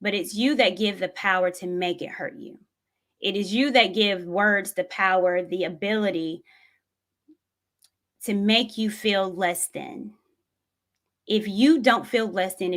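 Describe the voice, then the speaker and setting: A woman, speaking to her viewers in an earnest, reflective way. She tells a personal story at an unhurried pace. Her voice sits in a mid range. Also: medium pitch, fairly bright tone. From Tennessee, USA. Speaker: vlogger.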